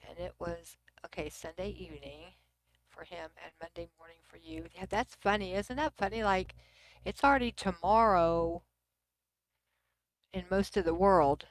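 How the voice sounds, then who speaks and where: In a dry recording, a middle-aged woman with a Texan accent hosts a laid-back livestream, chatting with viewers and reading comments at her computer. Her pitch is fairly low and her speed normal, and at times she drops to a near whisper.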